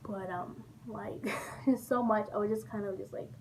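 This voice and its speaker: A woman's voice: mid-range voice, normal speed, creaky. Laughing woman telling a story. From Texas. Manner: animated, laughing, chatty storytelling. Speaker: vlogger. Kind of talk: storytime vlog. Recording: distant mic with faint background noise.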